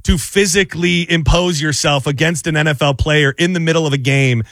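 A sports talk host, a man, giving animated, opinionated takes on football. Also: on the high side, brisk, no room sound.

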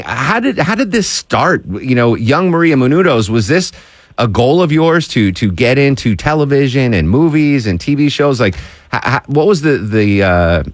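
Lively-voiced male radio host. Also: medium pitch, no room sound. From New England. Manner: chatty, playful, stumbling over words. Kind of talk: live radio interview.

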